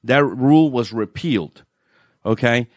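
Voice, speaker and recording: A man with a New Orleans accent, a financial adviser guest on a radio show, telling stories in an animated way and laughing often. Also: mid-range voice, measured pace, no room sound, studio quality. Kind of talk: radio interview chat.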